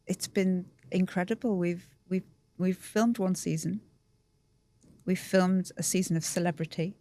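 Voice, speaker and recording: Low-voiced woman, chatty and candid. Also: dark tone, dry recording. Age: middle-aged. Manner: chatty, self-deprecating, emotional. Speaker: guest. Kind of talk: candid podcast conversation.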